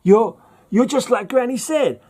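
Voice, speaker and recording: A man's voice: fairly high pitch, sing-song, a little slow, dark tone. A man voicing a young male Southern soldier from the Civil War with a strained put-on drawl. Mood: pleading.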